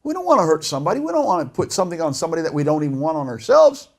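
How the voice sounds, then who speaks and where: A middle-aged man preaching a sermon with passion, dropping to a hush and then rising to shouts. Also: fairly high pitch, sing-song, racing. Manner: impassioned preaching, swinging between hushed and shouted.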